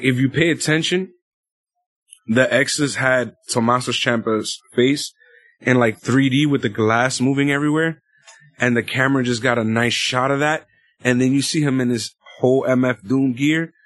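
A male co-host in relaxed banter, swearing freely and wandering through his thoughts with lots of "like" and "you know". His voice sits at an ordinary pitch and is recorded dry and close. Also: dry recording. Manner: loose and profane, rambling with filler words. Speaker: podcast co-host. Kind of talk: casual chat about wrestling.

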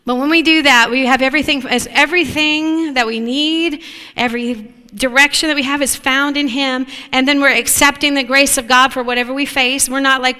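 A woman preaching a sermon in an animated way, often asking the listeners whether they agree. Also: high-pitched, normal speed, clean tone. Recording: long hall reverb.

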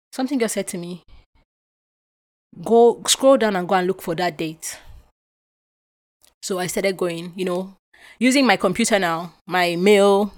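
A young adult woman from Nigeria hosting a podcast, telling a personal story with emotion and acting out what was said. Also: on the low side. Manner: animated, emotional retelling with acted-out quotes. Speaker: podcast host.

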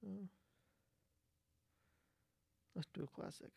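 A man's voice: fairly high pitch, steady tone, moderate pace, gravelly, darkish tone. A young man chatting casually and offhandedly, rambling a bit and repeating words. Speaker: podcast guest. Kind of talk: casual chat.

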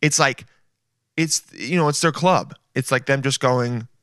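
A man's voice: mid-range voice, measured pace, fairly bright tone, no echo, studio quality. Crude, mocking young male podcast host. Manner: crude, mocking, riffs in acted voices. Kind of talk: casual comedic chat.

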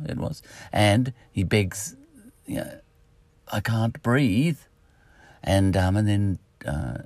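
A man's voice: on the low side, creaky, darkish tone, dry recording. A man with an Australian accent, rambling through a solo podcast monologue, full of fillers and asides. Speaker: podcast host.

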